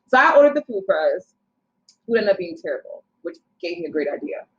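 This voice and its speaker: A young woman casually telling a long personal story as a podcast guest, animated and acting out what people said. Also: medium pitch, slight background noise. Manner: animated, quotes people in her story, quick asides. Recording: slightly dull lo-fi sound.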